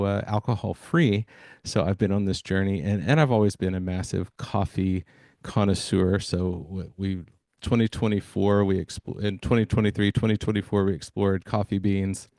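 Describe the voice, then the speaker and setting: Upbeat low-voiced male podcast host. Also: warm tone, dry recording. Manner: enthusiastic, hypes listeners, many fillers. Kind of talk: energetic podcast monologue.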